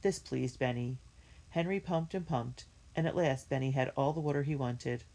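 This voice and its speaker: A woman reading a children's book aloud in a clear, measured storytelling manner. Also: very deep voice, mellow. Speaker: reader.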